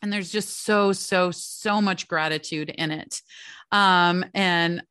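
A woman's voice: lowish voice, fairly even intonation, slow, sharp tone, clear, resonant tone, dry recording, clean studio sound. A middle-aged woman talking casually to the camera about her years as a homeschooling mother, chatty and heartfelt, often checking in with "right?" and "you know". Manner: heartfelt and openly emotional. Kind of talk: casual reflective talk to camera.

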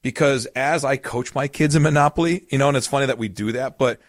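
Male podcast host and financial advisor, mid-range pitch, dry voice, earnest conversational explainer who leans on anecdotes. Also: quick pace, no echo. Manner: earnest, explains with family anecdotes and acted-out quotes; repeats key points for emphasis.

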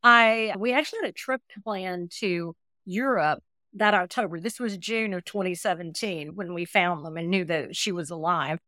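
A woman's voice: mid-range voice, dry recording, clean studio sound. A woman in her sixties, a podcast guest, telling her own life story earnestly and vividly, often acting out what people said. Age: 60s. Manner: earnest, animated retelling with quoted dialogue. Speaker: interview guest, adoptee. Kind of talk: emotional personal storytelling.

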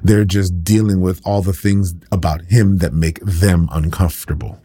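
Deep-voiced impassioned male preacher. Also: steady tone, moderate pace, warm tone, slightly rough, no room sound, studio quality. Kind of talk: sermon.

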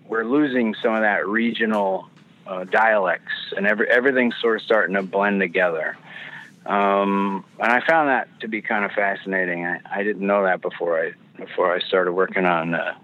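A man talks through a narrow, phone-like connection, his voice sitting a bit low. He tells his stories in a loose, rambling way, restarting his sentences and dropping in a swear word here and there. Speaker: actor guest. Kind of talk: casual podcast interview. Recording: phone-line quality audio.

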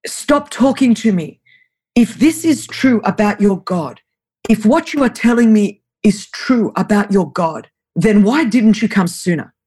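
A woman's voice: mid-range voice, lively intonation, unhurried, dark tone, slightly rough, voice pushed up. A woman voicing a distrustful young female trafficking survivor, pleading and confrontational.

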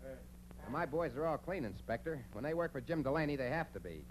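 A man's voice: mid-range voice, animated, fairly quick, close to an everyday voice. An actor playing a tough male boxing trainer who barks orders, in 1940s radio acting. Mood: gruff. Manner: barking orders, gruff. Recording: old radio recording with crowd noise.

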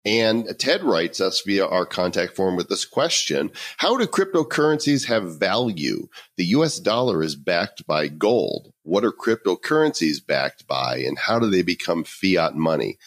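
Homme à la voix très grave, ton enjoué. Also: male voice, low voice, big pitch swings, a little slow, hardly any pauses, fairly bright tone, no echo. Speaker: podcast co-host. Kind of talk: casual podcast chat.

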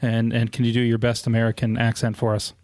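A man co-hosting a podcast, asking relaxed, loosely phrased questions. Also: mid-range voice, fast talker, no room sound, clean studio sound. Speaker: podcast co-host. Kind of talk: casual podcast interview.

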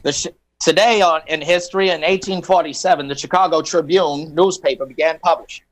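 A man's voice: on the high side, fairly even intonation, a little fast, poor audio. A man on a radio show reading history items for the day, with playful puns and banter. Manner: punning, playful.

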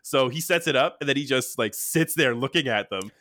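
A man riffs through a made-up story on a podcast, laughing often as he goes. His voice is bright and swoops widely in pitch. The sound is dry and close. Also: brisk, no echo. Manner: animated, rambling storytelling with frequent laughs. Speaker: podcast co-host. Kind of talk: casual chat.

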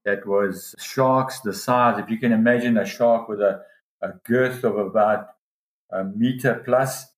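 A man with a fairly low voice tells a long diving story in a relaxed interview. He gets animated and jumps up in pitch when he quotes other people. The room has a noticeable echo. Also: measured pace. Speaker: dive guide telling a story. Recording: roomy echo.

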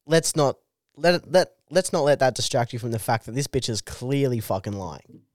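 A man's voice: mid-range voice, animated, moderate pace, dry recording, clean studio sound. A young man, a comedian guest on a podcast, bantering emphatically with plenty of swearing. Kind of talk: casual comedy podcast chat.

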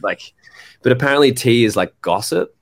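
A man's voice: mid-range voice, moderate pace, dry recording. A young man chatting casually as a guest, rambling and swearing freely while acting out what people said. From Australia. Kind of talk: casual chat.

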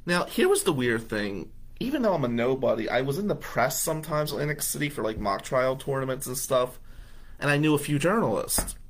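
A man in his fifties from New Jersey, a radio host telling a personal story in an animated, conversational way and acting out the dialogue. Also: medium pitch, fairly quick.

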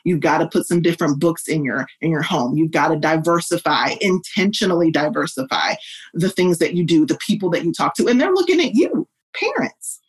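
A woman in her thirties, an educator and podcast guest, speaking earnestly and vividly, jumping higher in pitch when she quotes others. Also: lively intonation, a little fast, breathy edge, low-quality recording. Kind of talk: podcast interview answer.

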